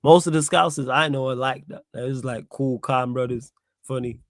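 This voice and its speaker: A man's voice: medium pitch, moderate pace, no echo. A young man from Manchester with a Mancunian accent, hosting a casual football chat, laid-back and slangy, laughing often. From Manchester, England. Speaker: podcast host.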